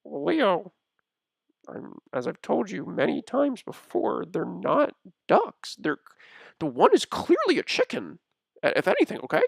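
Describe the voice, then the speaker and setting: A man voicing a calm, patient, mildly mystical man who reasons gently with a friend. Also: high voice, measured pace, vocal fry, breathy edge, no room sound, clean studio sound, pitched above the performer's own voice, full character voice.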